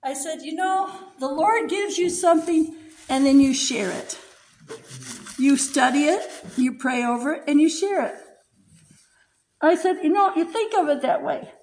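A woman's voice: sits high, measured pace, long pauses, darkish tone, poor audio. An older American woman preaching, giving an emotional testimony and often laughing as she speaks. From United States. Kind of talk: heartfelt sermon testimony.

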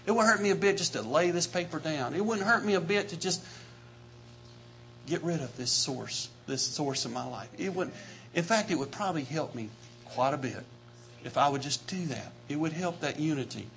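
A man preaching a sermon with passion, repeating his phrases and building to shouts. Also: a little high, animated, normal speed, vocal fry, slight background noise.

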